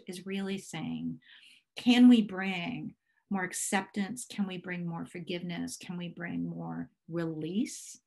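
A woman in her fifties presenting a workshop over a video call, calm and encouraging as she guides a breathing exercise. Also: on the low side, gravelly. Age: 50s.

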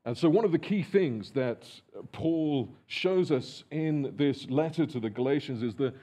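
Husky, mellow-voiced preaching man. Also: a little high. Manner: earnest, measured preaching with frequent fillers and restarts. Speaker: pastor. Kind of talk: sermon. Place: church.

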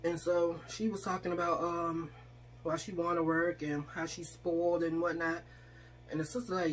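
A woman's voice: lowish voice, normal speed, a little hiss or hum. Chatty woman telling a story while eating. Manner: chatty, acts out quoted voices, eating while talking. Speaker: vlogger. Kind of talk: casual storytelling mukbang.

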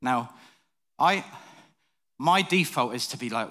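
A man's voice: mid-range voice, animated, takes it slowly, bright, forceful tone. A man, preaching in a church and telling a story in a chatty, self-mocking way. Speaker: pastor. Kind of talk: sermon storytelling.

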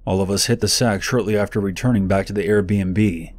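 Low-voiced man reading horror stories. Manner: calm, measured storytelling. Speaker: horror story narrator. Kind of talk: scripted narration.

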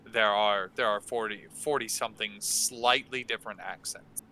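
A man running a game workshop, explaining slowly and casually with many ums and restarts. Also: lowish voice, fairly even intonation, sharp tone, slight background noise, rough recording. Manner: halting, many fillers and restarts. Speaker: game master teaching a workshop. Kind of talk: casual instructional talk. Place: online stream.

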